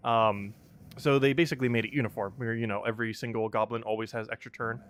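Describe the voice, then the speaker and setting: A man's voice: medium pitch, fairly even intonation, quick pace, slight background noise. A young man giving casual live-stream commentary on a game, chatty, with frequent laughs and many fillers.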